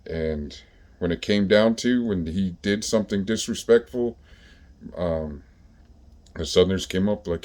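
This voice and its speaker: A man with a very low, mellow voice tells stories from his own past in an easygoing way. His talk is rough and profane, and he keeps stopping for fillers as he thinks. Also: a little slow. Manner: profane, laid-back street talk with many fillers. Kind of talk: casual storytelling.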